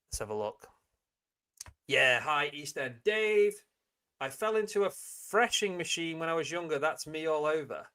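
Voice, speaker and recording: A man's voice: on the high side, bright, forceful tone. Giggly man hosting a live chat. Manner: chatty, giggly, reads chat comments aloud. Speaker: livestream host. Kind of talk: casual live-chat stream.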